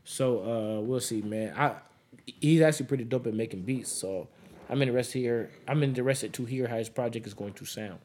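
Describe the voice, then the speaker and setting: A young man from Las Vegas hosting a podcast, talking in a relaxed, slangy and profane way. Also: mid-range voice, moderate pace. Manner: laid-back, profane, slangy. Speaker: podcast host. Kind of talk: casual chat.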